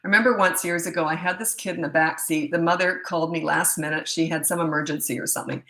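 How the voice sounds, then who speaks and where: A woman's voice: low-pitched, fairly even intonation, fast talker, pushed and bright. A middle-aged woman parenting coach, answering viewer questions in a blunt, chatty way with storytelling asides. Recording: echoey room.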